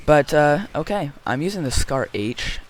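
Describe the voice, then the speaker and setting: A man's voice: on the high side, very animated, normal speed. Rambling jokey male game commentator. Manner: rambling and jokey, many ums and tangents. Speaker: gaming commentator. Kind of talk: casual gameplay commentary.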